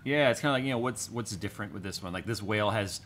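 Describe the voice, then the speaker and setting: A man's voice: fairly low pitch, quick pace, fairly bright tone, slight background noise. A man hosting a casual livestream chat, teasing his co-hosts in a rambling way. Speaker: host.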